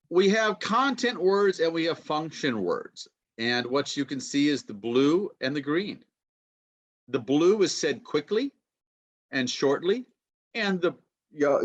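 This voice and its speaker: Over a video call, a medium-pitched male lecturer from a university runs an online pronunciation class, his computer mic giving dull audio. He chats easily, drops frequent "okay"s, and keeps asking if listeners are following.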